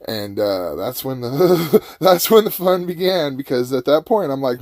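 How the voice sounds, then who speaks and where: A man's voice: mid-range voice, measured pace, few pauses, no echo, clean studio sound. A man hosting a podcast, telling a personal story casually and with animation, acting out the lines of the people in it. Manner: animated, acts out his own and others' lines. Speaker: podcast host.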